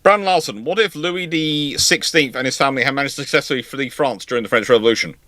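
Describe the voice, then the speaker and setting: A man's voice: mid-range voice, fast talker, sharp tone. A man hosting a live question-and-answer stream, explaining at length in a rambling way with frequent restarts. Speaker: host. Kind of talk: live viewer Q&A.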